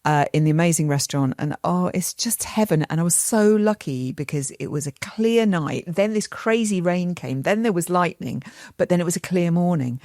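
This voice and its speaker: A middle-aged woman co-hosting a podcast, chatting casually in a rambling way with quick asides. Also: on the low side, darkish tone, no echo, clean studio sound. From England. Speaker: podcast co-host. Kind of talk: casual chat.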